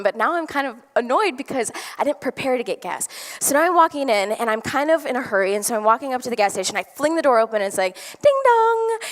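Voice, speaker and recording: A woman with a fairly high voice tells a story to a live audience, eager and chatty. She speaks as a motivational speaker from a stage, and her words carry a long reverb from the hall around her.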